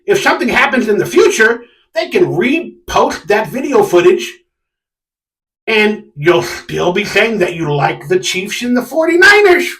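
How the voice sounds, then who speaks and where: High-voiced guy ranting on his fan stream, yells when annoyed, kinda far from the mic. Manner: animated, sarcastic, yells in exasperation. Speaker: sports fan channel host. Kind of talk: casual live-stream rant. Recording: echoey room, a bit off mic.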